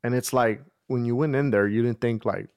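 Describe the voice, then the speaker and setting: A man's voice: mid-range voice, a little fast, darkish tone, smooth, no room sound. Man chiming in, dry close sound. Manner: brief reactions and questions. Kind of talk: casual chat.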